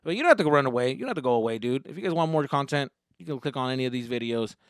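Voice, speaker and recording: A man hosting his own podcast, telling a comedic story in a loose, profane way, jumping from loud bursts to low mutters. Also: expressive, racing, clear, resonant tone, no room sound, studio quality.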